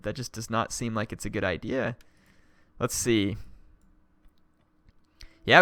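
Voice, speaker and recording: A man live-streaming a strategy game, excitably yelling orders at his units and chatting with viewers. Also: lowish voice, dry recording.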